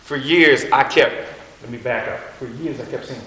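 A man preaching a sermon, telling stories in a colloquial, animated way. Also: mid-range voice, moderate pace, slight background noise. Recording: echoey hall.

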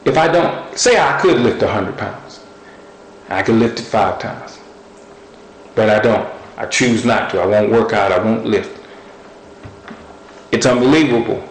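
A man's voice: on the low side, expressive, unhurried, pauses often, reverberant, a little hiss or hum, poor audio. A man preaching a sermon, speaking earnestly and building his points through repetition.

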